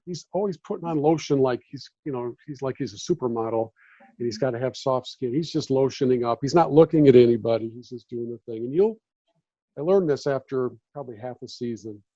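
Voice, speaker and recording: A man in his fifties, a former beat reporter, telling animated stories on a podcast and acting out the voices of the people in them. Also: mid-range voice, no echo. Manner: animated anecdotes, acts out quoted voices. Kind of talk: casual storytelling chat. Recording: dull lo-fi audio.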